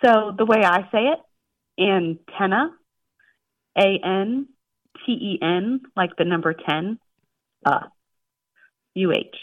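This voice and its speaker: A woman's voice: mid-range voice, unhurried, long pauses, dry recording. A woman from the Chicago suburbs, calling in to a radio show and explaining things in a chatty, friendly way. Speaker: caller. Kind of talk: phone-in chat. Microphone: telephone. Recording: tinny phone line.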